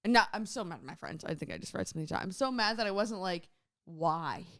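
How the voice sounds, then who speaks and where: A woman co-hosting a casual livestreamed talk show, telling stories in an animated, joking way. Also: mid-range voice. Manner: animated storytelling, swearing, quick jokes. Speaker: co-host. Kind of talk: casual chat.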